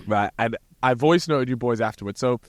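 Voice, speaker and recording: A man's voice: mid-range voice, normal speed, dry recording. A man co-hosting a podcast in casual chat, telling long rambling stories and swearing freely, recorded inside an RV. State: hungover. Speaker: podcast co-host. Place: inside a parked RV.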